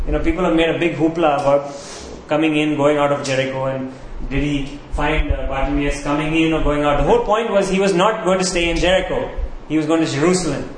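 A man preaching a sermon as pastor, emphatic, repeating key phrases and slowing down on them. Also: fairly high pitch, fairly even intonation, a little hiss or hum. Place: church sanctuary. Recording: very echoey hall, faint ambience.

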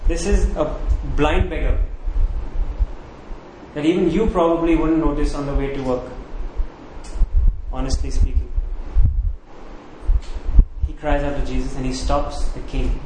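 A man's voice: fairly high pitch, level tone, measured pace, long pauses, darkish tone. A man preaching a sermon, asking rhetorical questions and repeating key words for emphasis. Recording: echoey room, faint background noise.

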